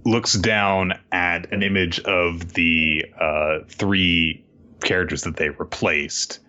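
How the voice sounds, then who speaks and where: A man casually recapping manga chapters on a podcast, swearing a little and laughing often, breaking into squeaky voices to act out what the characters say. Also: fairly even intonation, takes it slowly, pushed and bright, muffled recording. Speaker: podcast co-host.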